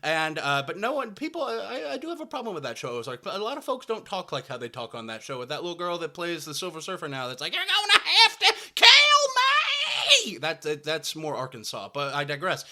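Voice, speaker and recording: A young man from rural Missouri rambles through a comic monologue in a very bright, forward voice. His pitch swings widely, and he mocks other people's talk with loud shouted bursts. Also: big pitch swings, quick pace, few pauses. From rural Southwest Missouri. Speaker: comedian. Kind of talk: comedic monologue.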